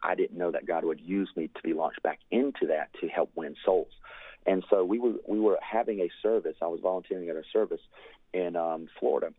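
A man's voice: low-pitched, fairly quick, slightly rough, dry recording. A man telling a fervent ministry testimony in an earnest storytelling way, full of "you know" fillers. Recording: dry, tinny phone-like line.

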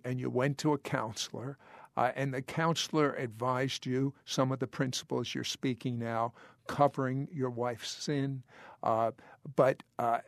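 Older male interviewer, gravelly, halting; dry close sound. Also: mid-range voice, no room sound. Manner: halting, questioning. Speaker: host. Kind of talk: interviewing a guest.

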